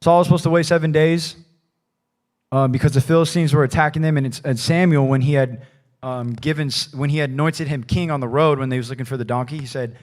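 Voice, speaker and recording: A man's voice: a little high, fairly even intonation, fast, darkish tone. A man preaching a conversational sermon in a church, talking casually and loosely, often adding "like" and "right?". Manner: casual, rambling, peppered with "like" and "right?". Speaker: pastor.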